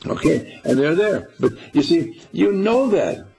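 A man's voice: fairly high pitch, sing-song, unhurried, vocal fry, dark tone, breathy edge, soft background music, rough recording. An older man giving an informal spiritual talk to a small group, folksy and rambling, quizzing his listeners as he goes. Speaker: spiritual teacher.

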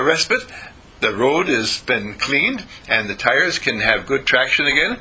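A man's voice: on the high side, bright, forceful tone, breathy edge, low-quality recording. An older American man giving a rambling, folksy spiritual talk to students, full of fillers and restarts. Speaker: spiritual teacher. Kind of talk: informal sermon to students.

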